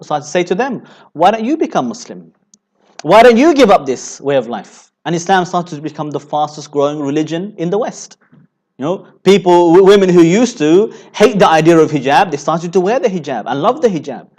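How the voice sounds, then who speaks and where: A man preaching, acting out the voices of the people he quotes. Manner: animated, acts out quoted voices with swings in pitch and loudness. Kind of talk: sermon.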